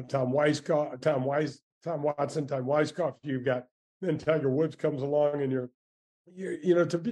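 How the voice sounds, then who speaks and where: A man in his sixties recounts his golf memories in a relaxed interview. His voice is fairly high but dark and mellow. He talks eagerly, restarting phrases as the stories pour out. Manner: animated, grateful storyteller with many restarts. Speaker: former tour golfer, guest. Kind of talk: casual storytelling interview.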